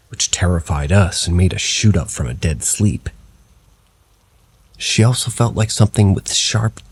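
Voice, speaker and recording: It's a man reading first-person paranormal accounts as scripted narration. He speaks in a husky voice with a low, steady storytelling tone.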